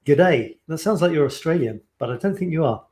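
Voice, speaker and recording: A man's voice: on the high side, lively intonation, fast, dark tone. A man hosting a casual photo challenge livestream, chatting in a rambling, friendly way and reading out viewer comments. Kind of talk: casual live stream chat.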